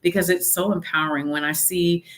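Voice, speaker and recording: A middle-aged woman, a mayor, chatting casually in an interview and telling stories with lively acted-out quotes. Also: lowish voice, a little fast. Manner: animated storytelling, acts out quotes.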